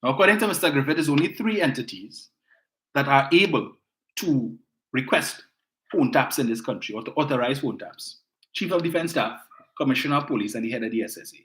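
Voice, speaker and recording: A man's voice: medium pitch, fairly bright tone, reverberant, a little hiss or hum, poor audio. A man with a Trinidadian accent hosting a political call-in show, talking in an indignant, emphatic way and often repeating his words. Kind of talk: political commentary.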